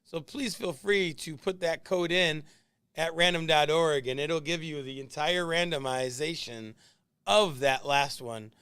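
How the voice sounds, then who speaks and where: A man's voice: fairly high pitch, a little slow, sharp tone, clean tone, no echo, clean studio sound. A man hosting a late-night sports card break livestream, chatting casually with viewers by name while opening boxes, laughing easily. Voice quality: calls his own voice whiny.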